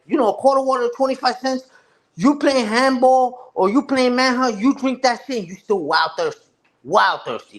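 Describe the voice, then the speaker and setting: High-voiced New man riffing. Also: fairly bright tone. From New York. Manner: loose, slang-heavy, profane storytelling with many restarts. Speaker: live streamer. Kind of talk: casual chat with a live audience.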